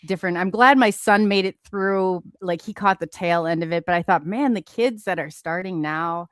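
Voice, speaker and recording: A woman's voice: lowish voice, normal speed, a bit bright, clear, resonant tone, dry recording, clean studio sound. A woman from the American Midwest hosting a casual chat. She talks chattily and laughs often. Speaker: host.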